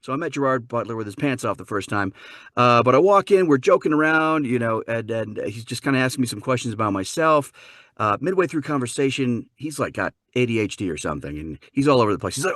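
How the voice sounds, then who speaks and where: A man from Wisconsin, a dialect coach, telling a story in a lively chat on a podcast. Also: mid-range voice, fast talker, no echo, clean studio sound. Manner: lively, acts out voices. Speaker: guest, dialect coach and narrator.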